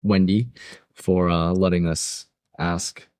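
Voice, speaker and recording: Deep-voiced guy hosting a chatty podcast, rambly and jokey, dry close sound. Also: fairly even intonation, slow pace, a little mellow, no room sound. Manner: rambling, filler-heavy, joking. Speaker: podcast co-host. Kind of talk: casual chat. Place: room with the other hosts and guest.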